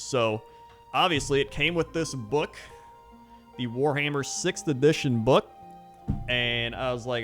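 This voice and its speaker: A hobby channel host in his thirties tells a long personal story in a loose, rambling vlog style, full of fillers and easy laughter. He speaks at a normal pace in an ordinary middle pitch, with faint music playing quietly in the background.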